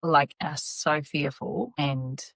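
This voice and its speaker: A woman hosting a podcast interview, a former paramedic asking gentle questions with supportive replies. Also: sits low, fairly even intonation, takes it slowly, gravelly, no room sound. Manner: supportive, short encouraging replies. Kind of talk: casual interview.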